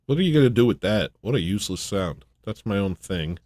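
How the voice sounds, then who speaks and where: A man's voice: on the low side, lively intonation, brisk, darkish tone, dry recording. A man hosting a casual livestream, ranting and mocking in a brash, loose way. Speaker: livestream host.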